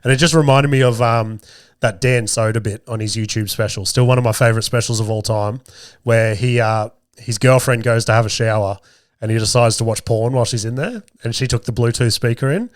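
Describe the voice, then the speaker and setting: A man hosts his podcast with a strained, sore throat, telling a long family anecdote. He rambles, swears freely and pokes fun at himself. The sound is dry and close, with a middling male pitch. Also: a little fast, dry recording. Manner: rambling, profane, self-mocking. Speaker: podcast host. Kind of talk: casual storytelling monologue.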